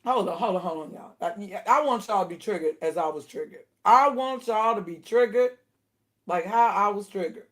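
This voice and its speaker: A woman giving casual spoken commentary to her viewers, indignant and animated, laughing between her points. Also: medium pitch, normal speed. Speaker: video commentator.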